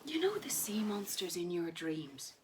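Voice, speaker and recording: A woman voicing a calm, soothing ghost husband. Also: lowish voice, measured pace, slight background noise. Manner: soothing, patient. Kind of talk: dramatic story reading.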